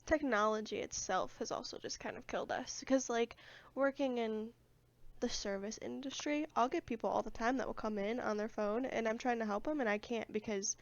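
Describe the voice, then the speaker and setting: A woman's voice: on the high side, moderate pace, dry recording, dull audio. A young woman co-hosting a podcast in casual chat, adding wry asides. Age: young adult. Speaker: podcast co-host.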